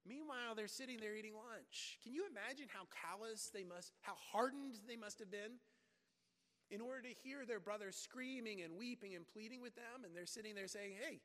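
A man's voice: high-pitched, normal speed, fairly bright tone, in a large hall. A man preaching a sermon in an emphatic, dramatic way, repeating words as he builds his points.

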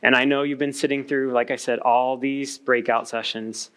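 A man's voice: mid-range voice, little pitch movement, moderate pace, a bit bright, clean tone. A man in his thirties speaking to an audience at a workshop, earnestly coaching the listeners.

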